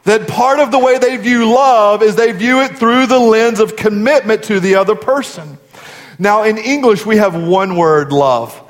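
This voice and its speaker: A man's voice: sits high, unhurried. A man in his forties, a pastor giving a sermon in an earnest, conversational storytelling way. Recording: long hall reverb.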